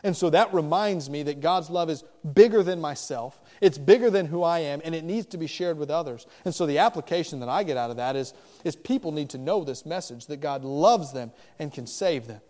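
A pastor preaching a sermon, with animated, emphatic delivery and rising questions. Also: male voice, on the high side, brisk, big-room sound.

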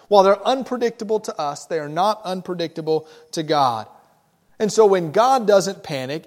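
A man preaching a sermon as pastor, earnest and emphatic, slowing down to stress key phrases. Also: high-pitched, a little mellow. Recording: long hall reverb.

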